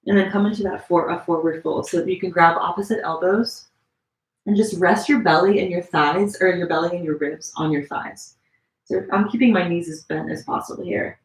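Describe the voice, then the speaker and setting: Chatty woman guiding a gentle yoga class. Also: on the low side, normal speed. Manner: relaxed, chatty cueing with many fillers; demonstrating poses while talking. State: slightly strained while holding poses. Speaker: yoga teacher. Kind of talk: live-streamed yoga class instruction. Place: room at home. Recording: echoey room.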